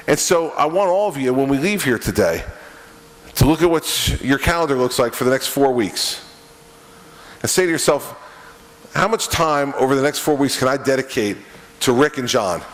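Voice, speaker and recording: A middle-aged man giving a conversational, joking campaign speech, speaking directly to the audience. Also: on the high side. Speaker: political speaker at a campaign event. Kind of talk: stump speech with storytelling. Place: event room with an audience. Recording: reverberant event hall.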